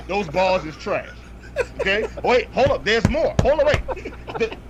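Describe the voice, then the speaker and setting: A man's voice: sits high, sing-song, unhurried. A man co-hosting a podcast, ranting comedically about a bad film with profane, exasperated outbursts and repeated punchlines. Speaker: podcast co-host reviewing movies. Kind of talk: comedic ranting movie review. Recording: dull lo-fi audio with faint noise.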